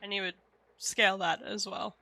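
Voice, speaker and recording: Bright-voiced chatty woman streamer. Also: mid-range voice, level tone, moderate pace, gravelly. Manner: chatty, explains candidly, swears casually. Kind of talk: casual live-stream chat.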